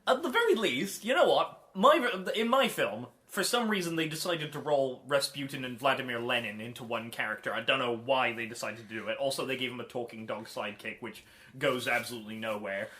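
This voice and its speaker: A man's voice: medium pitch, a little fast, pushed and bright. A man co-hosting a casual movie debate podcast, wry and argumentative. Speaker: podcast co-host.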